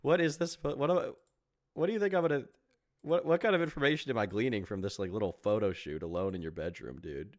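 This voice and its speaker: A man's voice: fairly low pitch, fast talker, no echo, clean studio sound. A man streaming reaction commentary, mocking and incredulous, swearing often and breaking into laughter.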